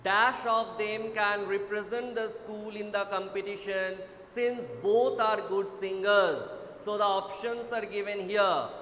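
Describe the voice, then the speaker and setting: High-voiced Indian English teacher in an echoey room. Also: male voice, fairly bright tone. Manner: brisk, repeats words to urge students on. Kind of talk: online class lesson. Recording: echoey room with faint noise.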